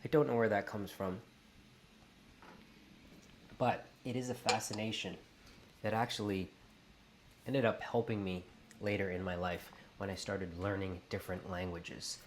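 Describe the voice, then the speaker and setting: A man in his late thirties from Canada with a Canadian accent, a host talking casually to camera in an animated, playful way. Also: on the low side, unhurried, long pauses, noisy background.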